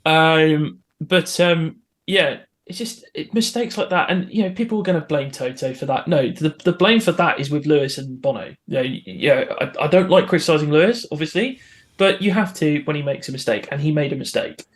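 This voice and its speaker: A man's voice: on the high side, a little fast. A man co-hosting a casual podcast, opinionated and earnest, often restarting his sentences. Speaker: podcast co-host.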